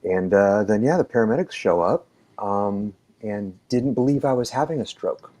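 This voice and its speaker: Deep-voiced man telling a rambling story. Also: expressive, moderate pace, dark tone. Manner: rambling, filler-heavy, acts out quoted dialogue. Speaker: EMT telling his story. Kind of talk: casual storytelling on a podcast.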